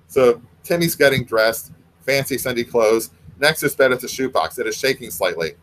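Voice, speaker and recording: A man's voice: medium pitch, lively intonation, moderate pace, a bit bright, a little hiss or hum, low-quality recording. A man reading his own short story aloud, breaking off for wry, self-mocking asides.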